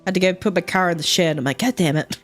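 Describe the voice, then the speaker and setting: A woman's voice: lowish voice, rapid-fire, soft background music. A young woman chatting casually on a livestream, rambling with lots of fillers, frequent laughter and casual swearing. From Australia. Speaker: streamer.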